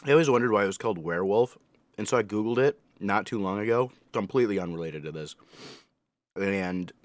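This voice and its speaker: A man talks over an anime in a loose, rambling reaction chat, full of jokes and self-corrections. His voice is low-pitched and recorded close and dry, with no room sound. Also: expressive, brisk, dry recording. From United States. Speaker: reaction video host. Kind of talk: casual rambling reaction commentary.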